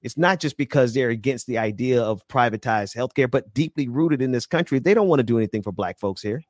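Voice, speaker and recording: A man's voice: mid-range voice, a little fast, no echo, clean studio sound. A man co-hosting a casual interview, affirming his guest and laughing along. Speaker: co-host.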